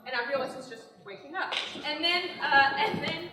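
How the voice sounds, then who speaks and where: A young woman improv performer telling a funny story on stage, animated and laughing, often exasperated. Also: high-pitched, moderate pace, background noise. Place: theater stage. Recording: echoey theater hall from far off, audience.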